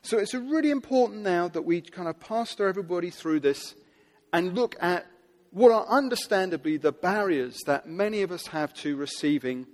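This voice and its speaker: A man preaching a sermon to a seated audience, earnest and building to loud, emphatic quotations. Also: high voice, expressive, normal speed. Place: large hall with audience seating. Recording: long hall reverb.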